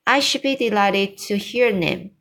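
A woman voicing a calm, dignified queen who speaks formally, read slowly from a storybook. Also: medium pitch. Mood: composed. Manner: composed and formal.

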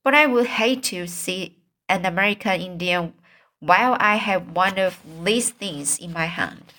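A woman voicing Stuart Little, a small proud male mouse, slow and a bit louder than her reading. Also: fairly low pitch. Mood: indignant.

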